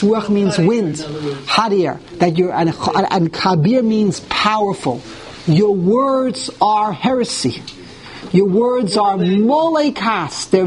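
A man teaching a verse-by-verse Torah class to live listeners. He reads Hebrew verses, translates and explains them, often restarts his phrases, and stresses the harsh words. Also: high voice.

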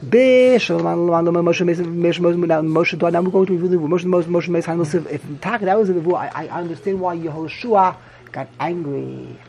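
A man's voice: on the high side, moderate pace, gravelly, darkish tone. A man teaching a Talmud class, repeating himself animatedly and mixing English with Hebrew and Yiddish terms.

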